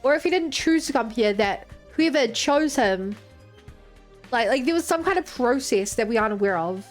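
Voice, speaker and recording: A woman's voice: a little high, animated, normal speed, faint music behind. A woman streaming a game, thinking aloud about the story with lots of "like.". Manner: thinking aloud, musing, many "like"s. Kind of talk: live game commentary.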